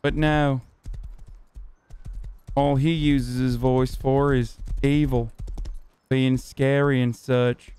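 A man's voice: mid-range voice, little pitch movement, slow pace, pauses often, a little mellow, clean tone. A young man streaming a game, talking casually, getting frustrated, swearing and repeating himself. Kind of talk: casual gaming stream commentary.

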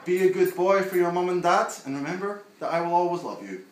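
A man's voice: high-pitched, fast talker, pitched above the performer's own voice, natural voice. A man voicing an elderly granddad with a Yorkshire accent, giving a fond fatherly farewell, recorded in an echoey room with audience noise behind. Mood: tender farewell. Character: elderly granddad texting from heaven.

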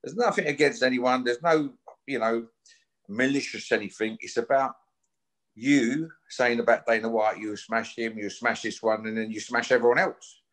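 A man's voice: mid-range voice, steady tone, normal speed, fairly bright tone. A man talks bluntly as a guest in a casual chat. He swears freely and keeps a challenging, confrontational edge throughout. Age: 50s.

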